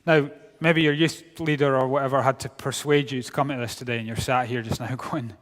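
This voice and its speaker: A middle-aged Scottish man giving a sermon to young people, wry and humorous, dropping to quiet for serious points. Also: mid-range voice, steady tone, a little fast, few pauses. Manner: humorous, wry storytelling with sudden drops to quiet. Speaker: youth speaker. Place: large hall. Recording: long hall reverb.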